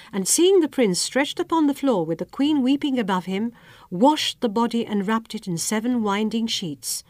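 A woman's voice: fairly high pitch, no echo, studio quality. Woman narrating a fairy tale. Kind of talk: scripted storybook narration.

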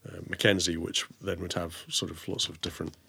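A Scottish man, a guest in a casual interview, explaining things in a halting way with restarts. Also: sits low, level tone, gravelly, pushed and bright, breathy edge. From Scotland.

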